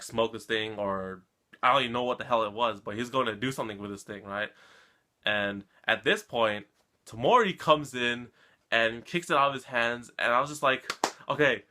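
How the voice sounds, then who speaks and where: A man's voice: mid-range voice, bright, forceful tone. A man recapping an anime episode in a casual, rambling way, often tagging his sentences with a questioning "right?". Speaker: anime reaction vlogger.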